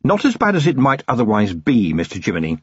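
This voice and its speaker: Man voicing a police commander, stern, quietly threatening, husky, dry close mic, slightly muffled audiobook recording. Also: medium pitch, wildly swooping pitch, quick pace, no room sound. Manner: quietly threatening, clipped and ironic. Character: stern middle-aged male police commander, dryly menacing. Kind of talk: audiobook character reading.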